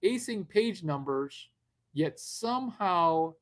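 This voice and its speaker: A man hosting a live stream in a brash, rambling way, swearing freely and calling out to his viewers. His voice sits a little high and he takes his time, drawing the words out slowly. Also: animated. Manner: brash, profane, rambling, addresses viewers directly. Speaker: livestream host. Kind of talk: unscripted livestream talk.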